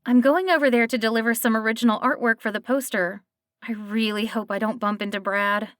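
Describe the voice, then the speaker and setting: A woman's voice: on the high side, steady tone, fairly quick, a bit bright, no room sound, clean studio sound, lightly acted. Woman playing a young café owner trying to sound brave. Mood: nervous.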